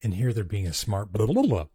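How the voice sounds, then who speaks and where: A man's voice: fairly low pitch, sing-song, moderate pace, mellow, slight background noise. A man hosting a casual vlog, talking through his recorded audio clips, chuckling often and restarting sentences. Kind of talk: casual chatty commentary.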